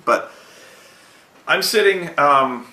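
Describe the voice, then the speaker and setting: A man's voice: on the high side, animated, drawn-out words, pushed and bright, echoey room. Rambling, swearing man telling a story. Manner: rambling, profane, self-mocking anecdotes with laughs. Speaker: online video host. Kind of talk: casual storytelling vlog.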